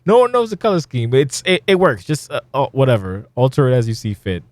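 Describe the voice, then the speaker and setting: A man's voice: medium pitch, sing-song, fast, darkish tone, no room sound. A middle-aged man hosting a casual podcast, rambling and swearing bluntly. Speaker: podcast host.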